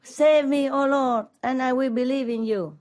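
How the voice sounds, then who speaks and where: A woman's voice: sits high, fairly even intonation, moderate pace, darkish tone, pitched above the performer's own voice, close to an everyday voice. A woman voicing a desperate atheist man hanging from a cliff, pleading for rescue as she retells a joke. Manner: pleading then indignant.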